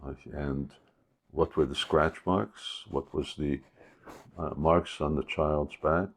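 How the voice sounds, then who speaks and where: A man telling a devotional story as a spiritual teacher in a sermon, unhurried and hesitant, with many pauses. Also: extremely low pitch, steady tone, slightly rough.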